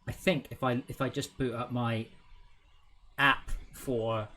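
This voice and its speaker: A man's voice: mid-range voice, fairly even intonation, slow pace, sharp tone, a little hiss or hum. A young man, a game developer, chatting casually on a livestream while he works, thinking aloud and often trailing off mid-sentence. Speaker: game developer streaming his work.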